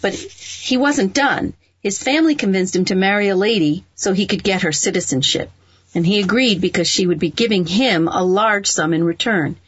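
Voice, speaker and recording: A woman's voice: medium pitch, moderate pace, husky, dry recording. Playful woman hosting an advice show. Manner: playful, laughs at own rhymes and stumbles. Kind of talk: casual radio-style advice talk. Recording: dull lo-fi dry sound.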